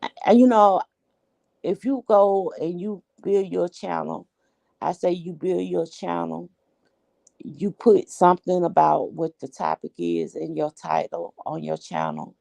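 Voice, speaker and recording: A woman's voice: lowish voice, lively intonation, unhurried, vocal fry, warm tone, no room sound. A woman hosting a casual group chat, blunt and slangy, laughing often. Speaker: host.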